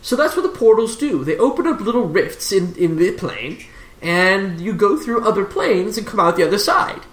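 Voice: medium pitch, very animated, normal speed, fairly bright tone. Gm doing a rambly distracted old-school wizard professor, voice going up and down a lot, roomy echo. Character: fussy absent-minded male wizard professor.

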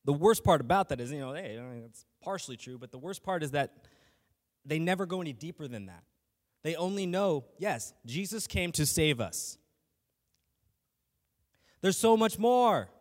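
A man's voice: a little high, animated, normal speed, pauses often, in a large hall. A man giving a casual, earnest faith talk as a lay teacher, speaking conversationally with frequent restarts and fillers.

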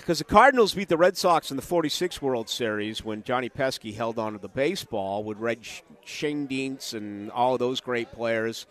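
Animated middle-aged man telling stories. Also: medium pitch, normal speed, hardly any pauses. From Boston. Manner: animated storyteller, restarts often, acts out quotes. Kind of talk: casual sports chat.

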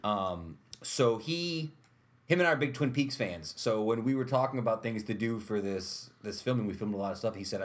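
Casting note: male podcast host with an Upstate New York accent, slightly haggard, lively and quick to laugh. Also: on the low side. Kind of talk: casual chat.

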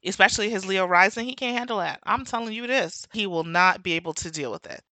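A woman's voice: mid-range voice, quick pace, pushed and bright, no room sound. A woman with a New York accent hosting a podcast, talking animatedly in a casual monologue, going off on tangents and laughing often. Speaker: podcast host.

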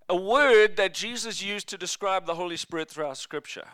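A man's voice: high-pitched, moderate pace, hardly any pauses, clear, resonant tone, no room sound, clean studio sound. A male pastor preaching a sermon in a church, telling stories and slipping in jokes. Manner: jokey, lively storytelling preacher.

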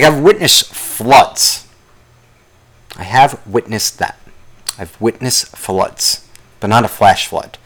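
A man's voice: medium pitch, fairly bright tone. Profane ranting male podcast host. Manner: profane, rambling, angry ranting. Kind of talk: solo podcast rant.

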